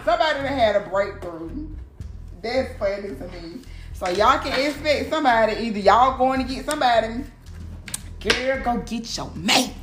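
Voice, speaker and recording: A woman doing a casual tarot reading, animated and profane, talking straight to her viewers. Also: on the high side, normal speed. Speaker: tarot reader. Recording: echoey room with clear background noise.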